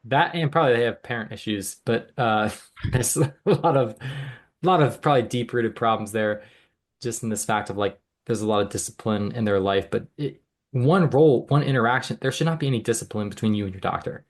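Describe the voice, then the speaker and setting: A man's voice: medium pitch, brisk. A man who works as a health care provider, co-hosting a podcast in casual chat, earnest and emphatic. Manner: earnest, emphatic, with frequent restarts.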